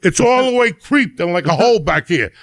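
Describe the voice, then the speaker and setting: A man's voice: high voice, animated, a little fast, a bit bright, no echo, clean studio sound. A middle-aged man, hosting a podcast and telling a profane, rambling comedic rant. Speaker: podcast host.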